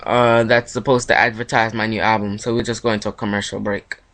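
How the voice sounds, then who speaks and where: A man's voice: lowish voice, level tone, fast, fairly bright tone. A young man from Jamaica hosting his own podcast, talking in a loose, rambling solo monologue with frequent self-corrections.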